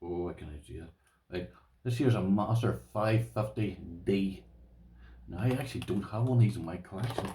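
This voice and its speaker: A man's voice: sits low, moderate pace, dark tone, echoey room, distant mic, a little hiss or hum. An Irish man with a rambling, chatty manner, showing his lock collection to viewers and calling them "boys". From Ireland. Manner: rambling, talks to viewers as "boys", uses "this here". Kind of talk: casual show-and-tell to camera.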